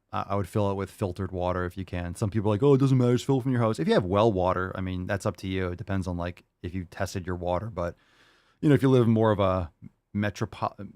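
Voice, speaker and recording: A man's voice: low-pitched, dry recording, studio quality. A man hosting a podcast, answering listener questions in a loose, rambling chat with jokey asides. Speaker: podcast host.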